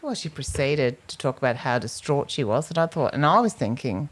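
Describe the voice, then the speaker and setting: This woman co-hosts a casual podcast, her bass voice animated and fairly quick. She tells stories and acts out the lines people said.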